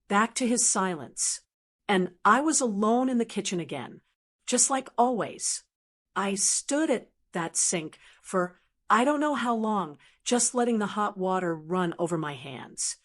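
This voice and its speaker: A woman in her sixties narrating a first-person family story in a measured, steady way. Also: mid-range voice.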